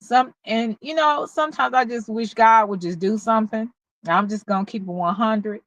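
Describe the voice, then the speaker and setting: A woman with a Southern US accent, talking candidly and haltingly in a personal vlog, at times close to tears. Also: medium pitch, fairly bright tone, no room sound, low-quality recording. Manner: slow, candid, halting, with many pauses and fillers. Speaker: vlogger. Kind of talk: emotional personal vlog talk.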